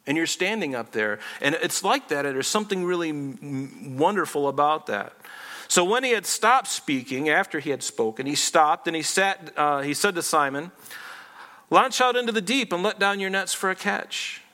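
A male pastor delivers a teaching sermon with a bright, forceful tone and a slightly high pitch. He explains earnestly, often restarting his phrases.

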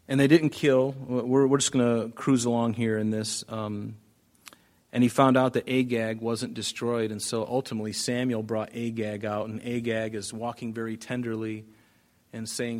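A pastor giving a casual, conversational Bible teaching with joking asides and frequent restarts. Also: male voice, mid-range voice, darkish tone.

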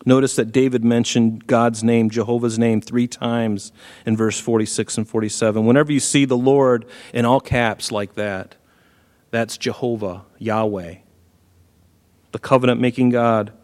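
A man preaching a sermon who works through Bible verses with animated, emphatic storytelling, heard in an echoey hall. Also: medium pitch, normal speed.

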